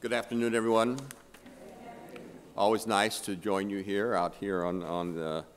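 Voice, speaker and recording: A man's voice: lowish voice, little pitch movement, moderate pace, slight background noise. An older man, a priest, giving a humorous sermon, often repeating words and checking in with "okay?". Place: church. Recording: long church reverb.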